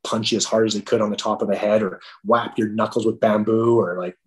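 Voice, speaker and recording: Halting and full of fillers and restarts, a middle-aged man recounts an emotional personal story as a podcast guest. His voice is fairly low and his tone steady.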